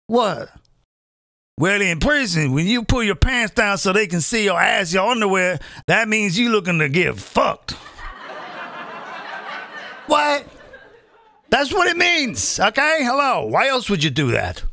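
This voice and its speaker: Brief: comedian host in his fifties, lively swinging pitch, bright tone, rambling live rant. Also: normal speed, no echo. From British American. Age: 50s. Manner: rambling, repeats phrases, stumbles and restarts.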